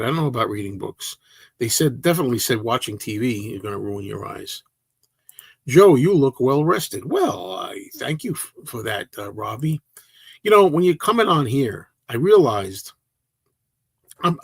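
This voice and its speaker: A man's voice: medium pitch, big pitch swings, brisk, slightly rough, no room sound. A man hosting a casual livestream, answering viewer comments in a rambling, chatty way that often restarts mid-sentence. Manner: rambling, self-interrupting, chatty.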